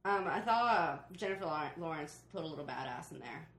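A woman's voice: sits low, expressive, fast, a bit bright. A young woman from Brazil co-hosting a casual podcast chat with friends, giggly, blunt and crude. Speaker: podcast co-host. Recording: roomy echo.

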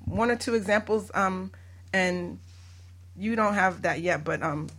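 A woman, a barter exchange broker, chatting casually on a podcast, animated and laughing often. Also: mid-range voice, unhurried.

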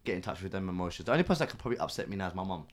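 A man's voice: low voice, rapid-fire. A man, a podcast guest, bantering and joking in casual chat. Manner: joking, animated storytelling.

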